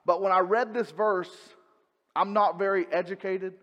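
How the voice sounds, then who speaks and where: A man's voice: sits high, steady tone, moderate pace, a bit bright, big-room sound, muffled recording. A man from North Carolina, preaching an earnest, conversational sermon with frequent restarts and self-corrections. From North Carolina, US South.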